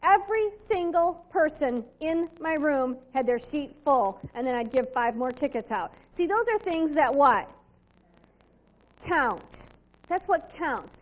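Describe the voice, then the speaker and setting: Woman sales trainer, high voice, punchy and emphatic, pitches her tips to a convention crowd. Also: lively intonation, slow pace. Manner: emphatic, asks the audience rhetorical questions. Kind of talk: motivational sales training talk. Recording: 2002 VHS convention tape.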